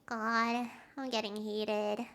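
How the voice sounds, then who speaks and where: Young woman streamer, high bright voice, rambling and excitable, acts out quotes. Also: takes it slowly, smooth. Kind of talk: casual chat with stream viewers.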